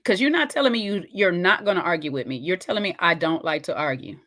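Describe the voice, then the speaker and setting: Hosting a reaction video, this woman has a lowish, fairly bright voice, talks fast and uses lively intonation. She reacts to a clip with sassy, emphatic remarks, addressing the viewer directly.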